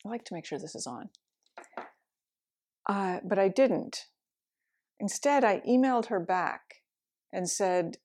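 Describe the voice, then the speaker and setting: A woman's voice: mid-range voice, expressive, slow pace, long pauses, darkish tone. A middle-aged meditation teacher tells a story from her own life. She talks candidly and reflectively, with the occasional laugh. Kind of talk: storytelling talk.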